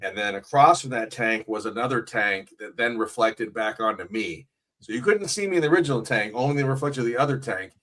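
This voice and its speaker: A man's voice: mid-range voice, lively intonation, brisk, fairly bright tone. A man co-hosting a casual livestream, telling stories with hesitant fillers.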